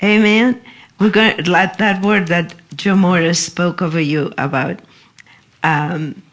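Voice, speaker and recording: A woman talking casually in church, speaking in a halting way with many fillers. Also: lowish voice, steady tone.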